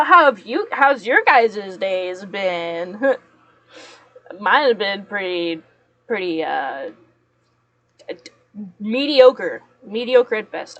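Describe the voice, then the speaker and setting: A woman's voice: mid-range voice, sharp tone, dry recording. A young woman chatting casually to her viewers while she works, rambling and laughing often. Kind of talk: casual chat while working.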